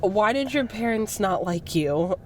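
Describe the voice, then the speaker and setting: A woman's voice: medium pitch, lively intonation, measured pace, a little mellow, slight background noise. A young woman co-hosting a podcast, teasing and playful, talking casually with lots of "like.". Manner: playful, teasing, heavy use of "like". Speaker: podcast co-host. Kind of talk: casual chat.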